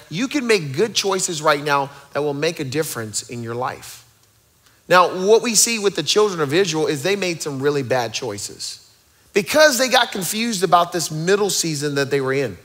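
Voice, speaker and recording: Bright-voiced energetic male pastor. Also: high voice. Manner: energetic, rallying the crowd with joking asides. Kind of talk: sermon.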